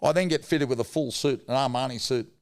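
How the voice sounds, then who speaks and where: A man's voice: mid-range voice, a little fast. A middle-aged Australian man telling rambling, blokey anecdotes as a podcast guest, with mild swearing. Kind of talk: casual storytelling.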